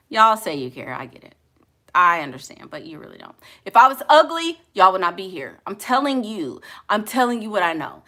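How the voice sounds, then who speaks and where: A woman's voice: mid-range voice, creaky, bright, forceful tone. A woman vlogger answering viewer questions in blunt, sassy casual chat full of slangy asides.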